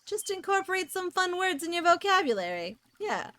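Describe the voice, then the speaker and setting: A woman's voice: very high-pitched, very animated, fairly quick, sharp tone. A woman from the Netherlands chatting casually as she streams a game, bubbly and talkative while reading chat aloud. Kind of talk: casual gameplay commentary.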